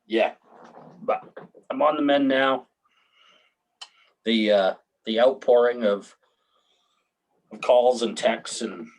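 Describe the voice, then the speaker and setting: A man's voice: lowish voice, a little mellow, rough recording. A man, chatting casually on a podcast, laid-back and swearing, with frequent laughs. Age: 30s. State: recovering from hip surgery. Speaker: podcast co-host. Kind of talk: casual chat.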